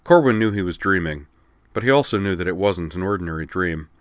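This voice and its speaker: Deep male narrator, steady reading, close dry sound. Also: fast talker, no room sound. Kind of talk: scripted narration.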